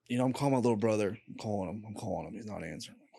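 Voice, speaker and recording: A young man, a podcast guest, telling a painful personal story in a candid, halting way and swearing freely. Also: on the low side, gravelly, dark tone, slightly rough, dry recording, clean studio sound. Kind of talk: casual storytelling.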